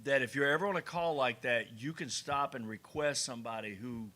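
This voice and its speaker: A man with a medium-pitched voice, speaking a little fast, co-hosts a casual podcast in a cigar lounge. He bantered and told stories animatedly, acting out the conversations in them.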